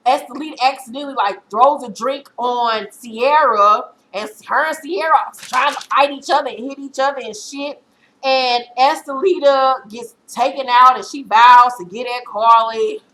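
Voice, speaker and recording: Woman vlogger, casual reality-TV recap, bright forceful voice, raised pitch, blunt and profane. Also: normal speed, rough recording. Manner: blunt, profane and animated storytelling.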